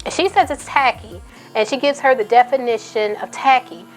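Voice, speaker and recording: A woman's voice: on the high side, normal speed, faint music behind. An outspoken woman, a mother, giving casual commentary on a YouTube channel, reading posts aloud and repeating points for emphasis. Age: adult, a mother.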